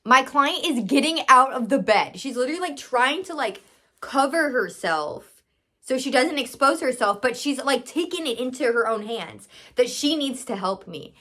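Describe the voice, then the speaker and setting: Young woman, higher voice, chatty storytime vlogger who acts out her own thoughts and quotes. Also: animated, normal speed, sharp tone. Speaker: storytime vlogger, massage business owner. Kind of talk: casual storytime.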